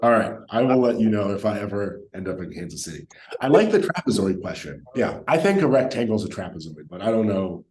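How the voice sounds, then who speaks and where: A man in his thirties, a mathematician, giving quick decisive answers in an interview and sometimes thinking aloud with pauses. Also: lowish voice, sing-song, darkish tone. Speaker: guest, mathematician. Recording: roomy, echoey sound.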